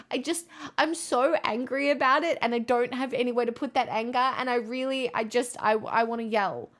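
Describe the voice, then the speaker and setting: A woman's voice: high-pitched, a bit bright. Sarcastic ranting woman streamer. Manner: sarcastic, ranting, laughs often. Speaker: live streamer. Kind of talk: casual live-stream chat.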